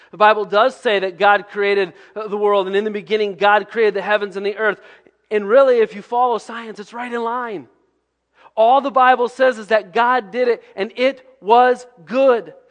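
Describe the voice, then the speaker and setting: A male pastor giving a sermon in a conversational preaching manner, sometimes dropping to hushed tones. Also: high-pitched, in a large hall.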